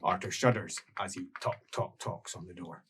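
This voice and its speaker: A man's voice: sits low, moderate pace, fairly bright tone, husky. A man narrating as game master in an improvised tabletop game, telling the story with restarts.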